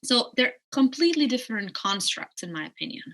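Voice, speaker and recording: A woman's voice: on the high side, sing-song, a bit bright. A woman speaking as a clinical psychologist guest in a podcast interview, explaining carefully and hedging her points. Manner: measured, explaining carefully with hedges. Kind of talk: casual interview conversation.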